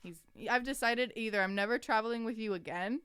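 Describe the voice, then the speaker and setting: Smooth-voiced woman in casual podcast chat. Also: on the high side, a little fast, fairly bright tone, no room sound. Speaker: podcast co-host.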